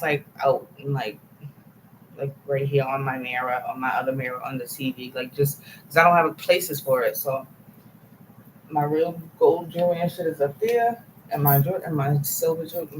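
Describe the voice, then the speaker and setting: A woman's voice: sits low, darkish tone, slight background noise, rough recording. Woman vlogger, casual chat to camera, profane and rambling, unfiltered.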